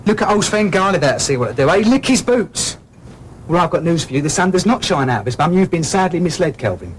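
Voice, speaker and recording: A man's voice: a little high, sing-song, fast talker, a little hiss or hum. An actor playing a hot-tempered male keyboard player in a pop band who taunts abrasively. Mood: angry taunting. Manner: abrasive, taunting, shouting in bursts.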